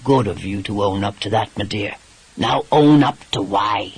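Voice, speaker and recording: A man voicing a gruff, exasperated English lord and former pirate, with a dry and teasing English manner in an audiobook. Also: fairly low pitch, moderate pace, voice pushed down, low-quality recording. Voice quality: dry, exasperated, swears mildly.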